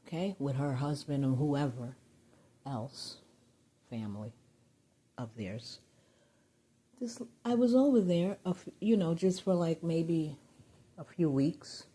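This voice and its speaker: A woman venting in a rambling personal vlog, getting agitated and loud when riled. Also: low voice, slightly rough. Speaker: vlogger.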